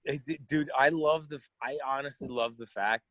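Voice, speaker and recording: A man's voice: mid-range voice, brisk, fairly bright tone. A man co-hosting a casual podcast chat, telling rambling, profane stories. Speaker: podcast co-host.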